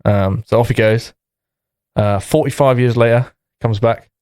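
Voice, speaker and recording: A man's voice: medium pitch, steady tone, unhurried, a little mellow, clear, resonant tone, no room sound, studio quality. A man co-hosting a comedy podcast, telling a long joke in a rambling, casual way with lots of fillers. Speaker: podcast co-host.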